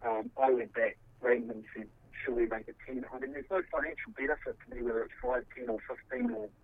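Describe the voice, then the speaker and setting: A man's voice: mid-range voice, sing-song. Man on a tinny phone line. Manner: defensive, swearing, halting restarts. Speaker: interviewee. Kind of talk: heated phone interview.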